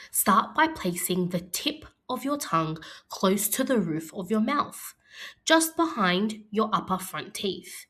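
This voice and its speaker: A woman teaching an early-years phonics lesson, speaking slowly and clearly in an encouraging classroom manner. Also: mid-range voice, sing-song, fairly bright tone.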